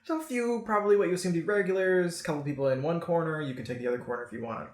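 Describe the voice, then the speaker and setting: Easygoing game master with a roomy echo. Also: male voice, on the high side. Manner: relaxed, easygoing narration with quick asides. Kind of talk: narrating a tabletop game.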